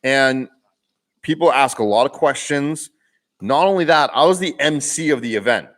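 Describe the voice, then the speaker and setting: A man hosts a live question-and-answer stream in an easy, rambling way. His voice sits at an ordinary middle pitch. He keeps checking in with his viewers as he talks. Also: expressive, moderate pace, a bit bright. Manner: rambling, conversational, checks in with "right?". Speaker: livestream host. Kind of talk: casual live Q&A chat.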